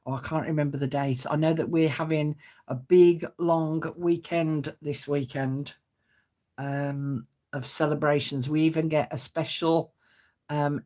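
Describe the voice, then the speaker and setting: Deep-voiced and darkish in tone, a woman runs a crafting stream at a measured pace and with fairly even intonation. She's warm and chatty, welcoming viewers by name and chuckling as she reads their comments aloud.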